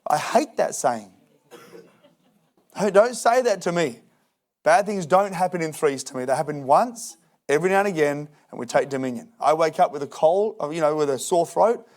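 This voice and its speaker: A man preaching in a church, his voice sitting a little high for a man. He talks in a loose, joking way and slips into mock voices to act out other people's excuses. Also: normal speed. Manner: lively, jokey preaching with acted-out excuses. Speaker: pastor. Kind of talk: sermon. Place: church hall.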